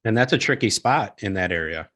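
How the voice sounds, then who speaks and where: A man's voice: fairly low pitch, expressive, brisk, fairly bright tone. A man hosting a podcast interview, chiming in with short agreements and clarifying questions. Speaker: podcast host. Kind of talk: casual interview.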